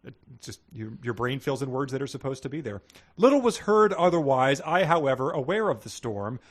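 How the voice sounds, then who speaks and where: A man's voice: mid-range voice, very animated, a little fast. Male podcast co-host, 30s, dry jokester, reads excerpts with mock gravity. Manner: wry, joking, mock-dramatic readings. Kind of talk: casual book-riffing chat, reading passages aloud.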